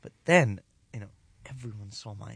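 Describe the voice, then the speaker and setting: A man co-hosting a comedic call-in show, with deadpan, mock-formal banter. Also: lowish voice, moderate pace, husky, no echo, clean studio sound.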